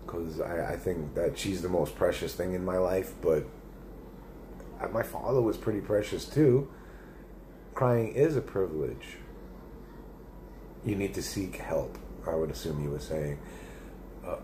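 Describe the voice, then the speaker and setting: A middle-aged man hosting a casual live stream, with a lowish, mellow, dark-toned voice. He rambles profanely through viewer comments and keeps restarting his sentences. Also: slight background noise.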